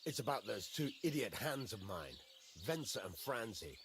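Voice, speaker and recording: An irritated medieval merchant. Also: male voice, fairly low pitch, very animated, normal speed, fairly bright tone, a little hiss or hum. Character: annoyed medieval merchant giving a task.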